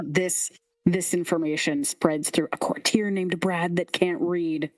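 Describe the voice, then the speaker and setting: Woman game master, slow and amused, dry close mic. Faint music under her. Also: lowish voice, steady tone, dry recording. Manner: descriptive, amused. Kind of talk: narrating a tabletop game.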